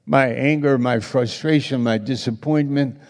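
Slow gravelly preacher in a hall. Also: male voice, medium pitch, steady tone, darkish tone. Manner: slow, halting delivery with many restarts. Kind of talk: sermon. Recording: long reverb of a hall.

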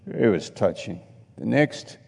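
A slow-talking preacher man with a gravelly, mellow voice tells stories from the pulpit, laughing and acting out quotes as he goes. His voice carries a long echo, as if he is in a big church hall. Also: lowish voice, big pitch swings. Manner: chatty anecdotal preaching with laughs and acted quotes. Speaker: pastor. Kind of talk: sermon storytelling.

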